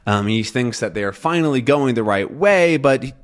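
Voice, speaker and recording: Lively man explaining a comic. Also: medium pitch. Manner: slow, clear, repeats and rephrases. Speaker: English teacher.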